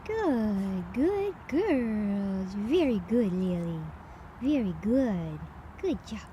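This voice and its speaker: A woman's voice: mid-range voice, sing-song, extremely slow, lo-fi sound, slight background noise. A woman dog trainer outdoors in a park, praising dogs in short, upbeat bursts.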